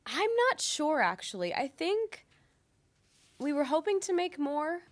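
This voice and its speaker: A woman's voice: high-pitched, very animated, measured pace. A young adult woman voice actor chatting casually in an interview, with lots of ums and likes. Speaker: voice actor guest. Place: convention interview.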